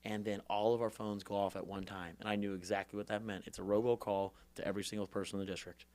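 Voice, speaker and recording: A man in his twenties, a podcast guest, telling his story in a fast, animated, profane way and acting out the people he quotes. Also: lowish voice. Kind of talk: casual storytelling interview.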